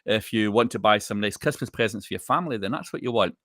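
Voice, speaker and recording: A man's voice: lowish voice, quick pace, fairly bright tone, dry recording, clean studio sound. A man co-hosting a live online chat, explaining his ideas steadily and repeating phrases for emphasis. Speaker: co-host, intuitive reader. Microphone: live online video call.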